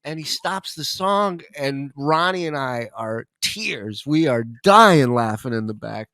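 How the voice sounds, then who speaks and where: A man's voice: medium pitch, a little slow, no room sound, studio quality. A man telling a long comic story as a podcast guest, swearing freely and laughing as he goes. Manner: animated, profane, laughs while telling stories. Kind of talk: casual storytelling.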